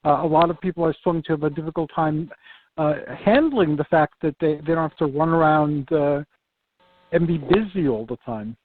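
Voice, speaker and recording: A man's voice: on the high side, no echo. A man hosting a radio interview show in an enthusiastic, upbeat way. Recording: dry, phone-like narrow sound.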